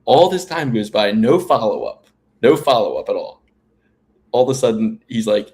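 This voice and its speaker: A man co-hosting a casual podcast chat tells long, rambling stories full of fillers and restarts. His voice is medium-pitched, animated, and darkish in tone, moving at a moderate pace.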